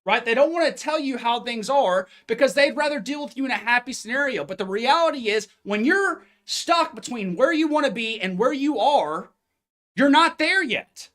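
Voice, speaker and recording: A man's voice: extremely high pitch, lively intonation, normal speed, hardly any pauses, a bit bright. A man, a fitness coach, giving a blunt, intense live-stream pep talk full of cursing, speaking into a phone.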